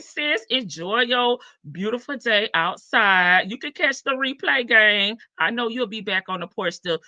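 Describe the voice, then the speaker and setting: Bright-voiced chatty woman livestream host. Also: medium pitch, dry recording, lo-fi sound. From Chicago. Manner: chatty, greets viewers one by one, sassy asides. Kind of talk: casual livestream chat.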